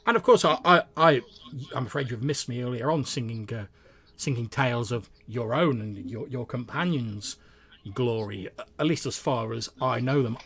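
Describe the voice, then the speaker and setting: A man's voice: mid-range voice, moderate pace, fairly bright tone, husky. A man voicing an eager, flowery male wandering bard who stammers as he talks.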